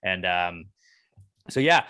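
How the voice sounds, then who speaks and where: Uomo texano scherzoso, voce squillante. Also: male voice, deep voice, expressive, slow pace, pushed and bright, clean tone, dry recording. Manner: joking, rambling, crude banter. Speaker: podcast co-host. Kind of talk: casual chat and read ad.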